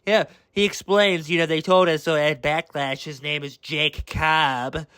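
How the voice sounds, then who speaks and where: A man's voice: a little high, fairly even intonation, a little slow, sharp tone, smooth, dry recording. A young man angrily ranting through a review of a wrestling show, swearing and exasperated. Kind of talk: angry rant review.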